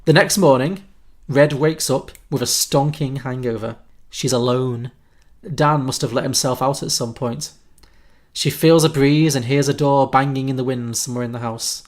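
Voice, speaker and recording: A man's voice: medium pitch, moderate pace. A man from Liverpool co-hosting a podcast, reading a silly script aloud with amused banter. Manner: amused, laughs often. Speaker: podcast co-host.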